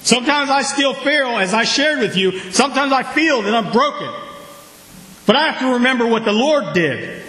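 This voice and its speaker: High-voiced preacher in an echoey church. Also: male voice, lively intonation, normal speed. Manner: preaching with call-and-response, sudden loud outbursts. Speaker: pastor. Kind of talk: sermon.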